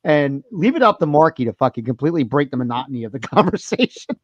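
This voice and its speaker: Guy on a podcast telling wild stories, high lively voice, dry close sound, cusses a lot. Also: quick pace, dry recording, muffled recording. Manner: animated storyteller, swears a lot, laughs often. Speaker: podcast host. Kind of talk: casual banter.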